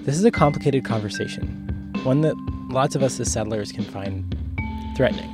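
A man's voice: mid-range voice, normal speed. Reflective man hosting a podcast, music behind. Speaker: podcast host. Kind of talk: scripted narration.

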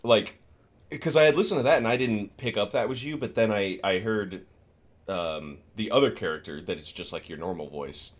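A man co-hosting a podcast in casual chat, animated and laughing often as he tells stories. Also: fairly low pitch, moderate pace. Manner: animated, laughs often, storytelling with bursts of excitement. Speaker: podcast co-host.

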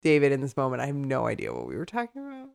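A woman's voice: extremely low pitch, huge pitch swings, racing, creaky, a little mellow. A woman with a Chicago accent co-hosting a podcast in casual chat, rambling with many fillers and restarts. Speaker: podcast co-host.

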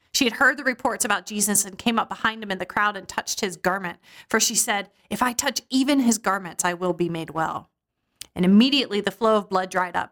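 Woman preacher, scripture reading and expressive storytelling. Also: mid-range voice.

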